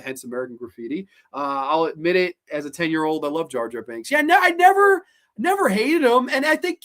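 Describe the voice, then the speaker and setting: A host in their late twenties, chatting casually on a live stream, animated, swearing freely and often restarting sentences. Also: medium pitch. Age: late 20s. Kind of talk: casual live stream chat, reacting to viewer comments.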